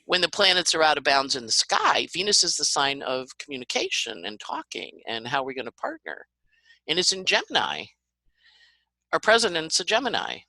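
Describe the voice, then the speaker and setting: A woman astrologer chats on a podcast with great animation, her pitch leaping around as she talks. Her tone is bright and forceful, and the recording is dry and close with no room sound. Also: no echo, low-quality recording. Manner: animated, acts out little voices and sports analogies. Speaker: astrologer guest. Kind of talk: podcast conversation.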